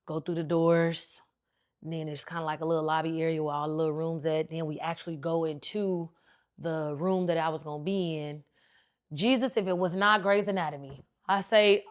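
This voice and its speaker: A woman hosts a podcast and tells her own story. She talks a lot and acts out what each person said. Her voice sits a little low. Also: normal speed. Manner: animated, talkative storyteller who acts out quotes. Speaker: podcast host.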